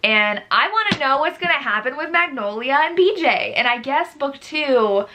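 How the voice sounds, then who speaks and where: A young woman talking casually in a book vlog, animated and exasperated as she gushes and rants about a read. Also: high-pitched, normal speed, a little hiss or hum. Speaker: book vlogger.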